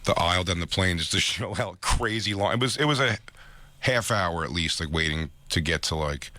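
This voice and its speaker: A man's voice: sits low, normal speed, bright, forceful tone, slight background noise. A man hosting a radio talk show, telling a rambling, profane story in casual chat. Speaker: radio show host and comedian.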